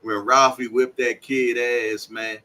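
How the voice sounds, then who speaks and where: A man's voice: mid-range voice, a little slow, a little hiss or hum. A man from Washington, D.C. co-hosting a podcast, telling stories in casual chat and acting out the dialogue. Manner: animated storyteller acting out dialogue. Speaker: podcast co-host. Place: live stream setup.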